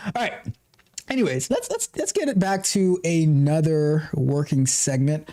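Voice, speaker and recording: Middle-aged guy ranting on his tech stream, all fired up, voice jumps around a lot, kinda mellow sound. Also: on the high side, very animated, moderate pace. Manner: passionate, ranting, self-interrupting. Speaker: tech coach and livestream host. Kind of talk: casual livestream chat.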